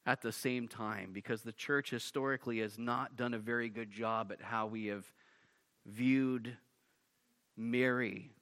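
A man's voice: medium pitch, fairly bright tone. A male pastor preaching a sermon emphatically, often restarting and repeating words as he pushes through a point.

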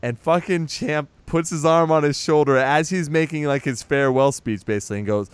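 A man's voice: fairly high pitch, moderate pace, hardly any pauses, clear, resonant tone, dry recording. A man recapping a film in loose casual chat, swearing freely and laughing as he retells the scenes. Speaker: podcast co-host recapping a film.

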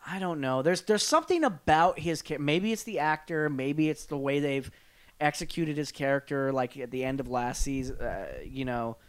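A man with a smooth, clear voice chats casually as a podcast co-host. He rambles, circles back and corrects himself with plenty of fillers. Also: a little high, normal speed. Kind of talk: casual chat.

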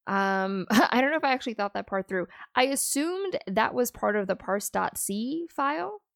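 A woman's voice: a little high, expressive, moderate pace, creaky, fairly bright tone, dry recording, studio quality. A woman co-hosting a casual technical podcast, thinking aloud with hedges as she works through ideas. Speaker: podcast co-host.

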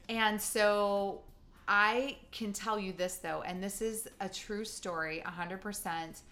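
A woman's voice: medium pitch, bright, forceful tone. A woman co-hosting a podcast in casual chat, telling a personal story in an earnest, chatty way with playful asides. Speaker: podcast co-host.

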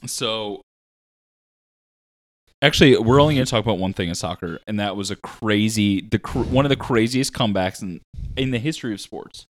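Laid-back lower-voiced guy explaining sports. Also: moderate pace. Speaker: podcast co-host. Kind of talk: casual sports chat.

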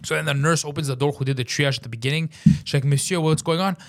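A man telling a story in casual chat, animated, swearing a lot and saying "bro", acting out his own shouting. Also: medium pitch, racing. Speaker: podcast host.

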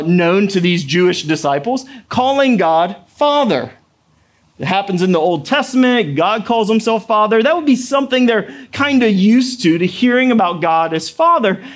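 A man's voice: high voice, animated, moderate pace. A man in his thirties, a pastor giving a sermon in a conversational, storytelling way with playful asides.

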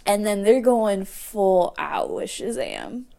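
A woman's voice: mid-range voice, wildly swooping pitch, slow pace, gravelly, warm tone. A woman co-hosting a podcast in casual chat, blunt and playful, swearing freely. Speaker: podcast co-host.

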